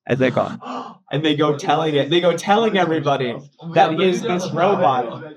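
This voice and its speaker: A man leading a casual Bible study, chatty and quick to laugh, filling his talk with "um" and "like". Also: fairly high pitch. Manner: chatty, laughs often, many fillers like "um" and "like".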